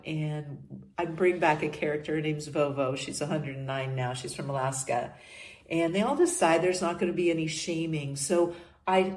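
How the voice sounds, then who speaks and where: A woman's voice: low-pitched, a little mellow. An older woman hosting a podcast, talking earnestly through a personal monologue and often trailing off and restarting. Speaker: podcast host. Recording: echoey room.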